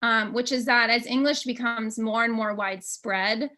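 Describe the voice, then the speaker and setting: A woman's voice: fairly high pitch, fairly even intonation, moderate pace, pushed and bright. An American woman, an English teaching expert, talking casually on a panel and thinking aloud with frequent ums. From United States.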